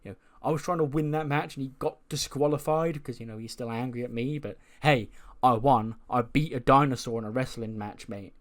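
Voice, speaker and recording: A man playing an excitable, mouthy young wrestler who rambles indignantly and jokes in a game storyline. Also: medium pitch, a little fast, few pauses, lightly acted.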